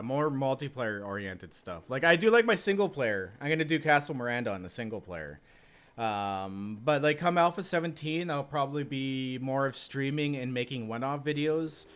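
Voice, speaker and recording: A young Canadian man streaming a survival game live, chatting casually and yelping and laughing when things go wrong. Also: medium pitch. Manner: excitable, yelps and laughs in panic. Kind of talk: live gameplay commentary.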